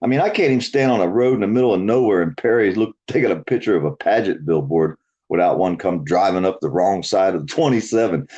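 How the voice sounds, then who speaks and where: A man's voice: deep voice, fast, darkish tone, husky, muffled recording. A man hosting a casual, profane chat, laughing often. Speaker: host.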